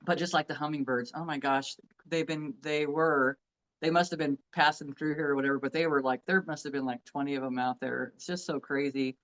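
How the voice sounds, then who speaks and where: Earnest middle-aged woman sharing warmly. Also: low voice, steady tone, a little fast, low-quality recording. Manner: earnest, heartfelt, with restarts. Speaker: co-host. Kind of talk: casual chat.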